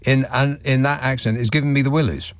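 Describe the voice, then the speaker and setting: A man's voice: medium pitch, steady tone, a little fast, no room sound. A man hosting a radio show, reading out listener messages with dry, sardonic asides from a studio microphone. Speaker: radio talk show host.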